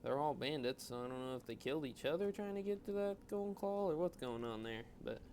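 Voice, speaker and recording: A man's voice: on the high side, lively intonation, brisk, darkish tone, a little hiss or hum. A man doing a casual, rambling voiceover over his own gameplay, chatting and poking fun at his own choices. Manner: rambling, self-mocking, chatty. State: yawning, tired. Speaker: gaming channel host.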